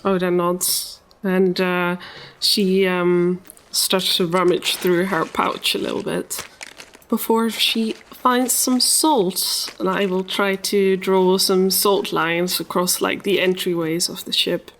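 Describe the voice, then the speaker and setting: A woman's voice: on the low side, flat delivery, slow, fairly bright tone, slight background noise. A woman player in a tabletop game, tentatively describing her character's actions. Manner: tentative, with fillers.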